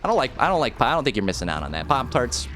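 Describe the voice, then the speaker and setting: A rural American man streams a game, joking, rambling, and talking to chat in casual live commentary. His medium-pitched voice swings widely in pitch, runs very fast, and sounds a bit bright. There's slight background noise and faint music behind him.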